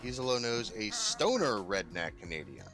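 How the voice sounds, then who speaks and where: A man's voice: fairly low pitch, sing-song, moderate pace, music in the background. A man co-hosting a casual podcast chat, easygoing and stammering on his word starts. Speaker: podcast co-host.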